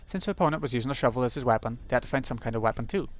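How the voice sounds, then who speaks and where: A man's voice: mid-range voice, lively intonation, racing. A man hosting a let's play, reading a visual novel's narration aloud and muttering asides to himself between passages.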